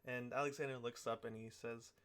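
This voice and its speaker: A man's voice: medium pitch, little pitch movement, fairly quick, fairly bright tone. A man running a tabletop game as game master, narrating casually with loose fillers.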